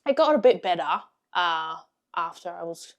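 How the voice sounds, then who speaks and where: A young woman vlogging a casual storytime, blunt and sweary, laughing often and swinging from loud to hushed. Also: lowish voice, lively intonation, normal speed.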